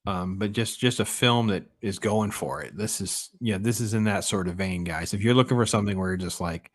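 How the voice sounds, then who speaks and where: A man hosting a casual movie review chat, rambling and animated, often trailing off and restarting. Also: on the low side, brisk. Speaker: podcast host.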